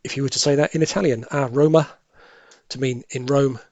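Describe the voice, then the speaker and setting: Guy thinking out loud over a crossword, mid pitch, mumbles bits to himself, dry close mic. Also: fairly even intonation, quick pace, no room sound, dull audio. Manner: musing, self-correcting, half-muttered asides. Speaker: crossword solving tutor. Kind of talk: thinking aloud while solving a crossword.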